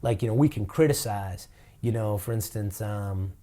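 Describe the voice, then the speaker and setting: A nonprofit director from Boston, USA, answers interview questions about his work and his town in a low, warm voice at a moderate pace. He speaks sincerely and from the heart, sprinkling in easygoing "you know"s.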